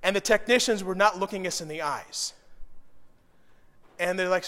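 In a sermon carrying big-room sound, a middle-aged pastor recounts a personal story with emotion that swells to loud, intense peaks. His voice is high-pitched and his speed normal, broken by long pauses.

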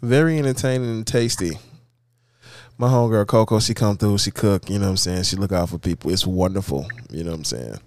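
A man's voice: lowish voice, fairly quick, dry recording, studio quality. A man co-hosting a comedic podcast, teasing and joking in slangy banter. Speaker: podcast co-host.

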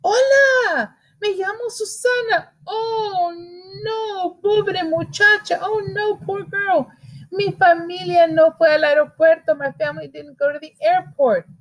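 A woman voicing a sympathetic fourteen-year-old girl in a story, speaking in a high, gushing voice. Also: expressive, slow, hardly any pauses, fairly bright tone, heavily acted, low-quality recording. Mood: pitying.

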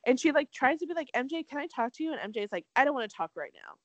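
A young woman talks fast and animated as she recaps a dating show, swearing freely and acting out what the cast said. Her voice sits a little high and swings widely in pitch. The sound is dry and close. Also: no room sound, poor audio. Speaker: podcast co-host. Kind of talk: casual chat recapping a reality dating show.

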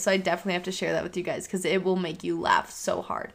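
A woman's voice: medium pitch, steady tone, fast talker, gravelly, hardly any pauses. A woman in her early twenties co-hosting a podcast, talking in a chatty way with many "like" fillers. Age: 20s. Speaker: podcast co-host. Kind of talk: casual chat.

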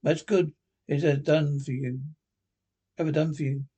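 A man reading as a husky, scornful old miser. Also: fairly high pitch, steady tone, a little slow, mellow. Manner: curt, scornful.

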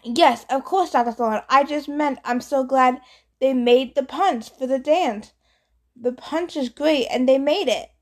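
A woman's voice: sits high, unhurried, a little mellow. Woman doing a stammering, nervous teen boy. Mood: flustered. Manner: stammering, breathless.

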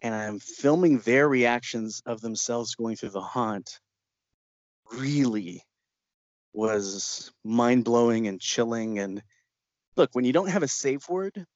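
A man's voice: medium pitch, takes it slowly, no echo. A man tells a story in an interview, laughing as he goes and slipping into other people's voices. The recording is muffled and lo-fi, with a dry, close sound. He talks like a filmmaker recounting a shoot. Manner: lively storyteller who laughs often and acts out quotes. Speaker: documentary filmmaker. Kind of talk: interview anecdote. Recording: dull, lo-fi sound.

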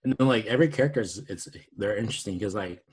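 A man's voice: lowish voice, expressive, fast, breathy edge. A man co-hosting a podcast, laid-back and chatty, laughing often and filling his talk with "like". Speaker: podcast co-host. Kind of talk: casual podcast chat.

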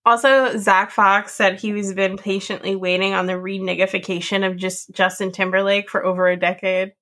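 A woman's voice: medium pitch, flat delivery, normal speed, fairly bright tone. A woman co-hosting a podcast in a casual chat, bringing up gossip with wry teasing remarks. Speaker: podcast co-host.

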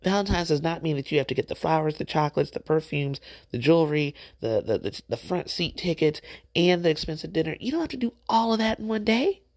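Woman podcast host, middle-aged, gravelly with vocal fry, animated faith-based exhortation. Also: sits low, fairly quick, dry recording. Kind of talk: encouraging faith-based talk.

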